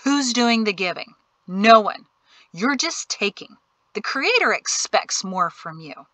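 A woman's voice: medium pitch, sing-song, slow pace, no room sound, heavily acted. A woman doing a stern, angry male colonel. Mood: indignant. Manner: forceful, indignant.

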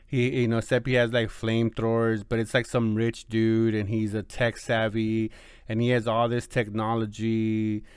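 Rambling man reviewing a movie, crisp and dry. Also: on the low side, completely flat delivery, normal speed, no room sound. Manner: rambling, full of fillers and restarts. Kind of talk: casual spoken review.

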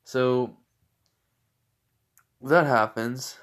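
Young male storyteller, improvised and rambling, filler-heavy, mid pitch. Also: drawn-out words, a bit bright. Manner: rambling, full of fillers and self-corrections. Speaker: fan fiction storyteller.

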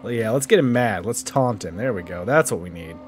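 A man's voice: fairly low pitch, animated, a little fast, faint music behind. A man casually commentating his own gameplay, joking and reacting playfully. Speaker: gaming YouTuber. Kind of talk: casual let's-play commentary.

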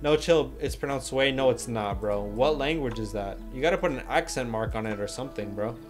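A young man with a medium-pitched voice chats casually on a livestream, talking a little fast and reading viewer messages aloud. He's laid-back, joking and slangy, with soft music playing faintly behind him.

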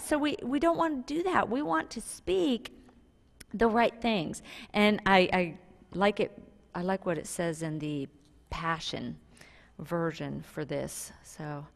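A woman pastor preaches in a church, her voice carrying a long reverb tail around the room. She tells stories animatedly, leaping up in pitch for emphasis, with a middle-pitched voice. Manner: animated storytelling preacher with sudden pitch jumps and laughs. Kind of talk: sermon. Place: church sanctuary.

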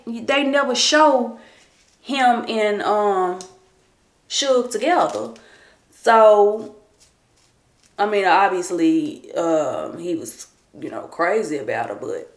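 A woman in her thirties chatting casually to camera at home as a vlogger, rambling and chatty and sometimes dropping into hushed asides. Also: mid-range voice. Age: 30s. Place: at home getting ready. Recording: roomy echo.

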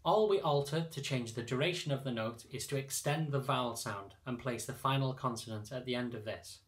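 A man's voice: mid-range voice, brisk. Patient man teaching choir reading. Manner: patient, methodical explaining. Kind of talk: instructional narration.

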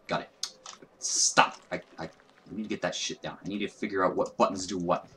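A man's voice: low voice, fairly even intonation, fast talker, a little hiss or hum. A young man giving casual, profane, self-mocking commentary while playing a video game. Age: young adult. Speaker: gaming YouTuber. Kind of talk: let's play commentary.

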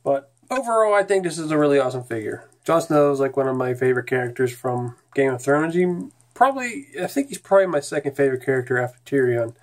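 A man giving a casual, chatty toy review, relaxed with small hesitations. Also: medium pitch, fast, few pauses.

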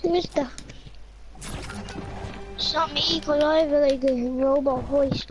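A woman's voice: sits high, steady tone, slow, over music. A woman talking casually with teammates during an online game, explaining things with lots of fillers. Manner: chatty, explains with many fillers. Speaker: gamer.

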